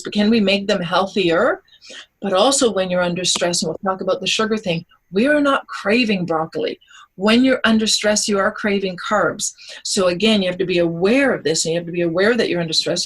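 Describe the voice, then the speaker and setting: Husky-voiced woman nutritionist on radio. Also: mid-range voice, poor audio. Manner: animated, explanatory, acts out quotes. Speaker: holistic nutritionist guest. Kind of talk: radio interview talk.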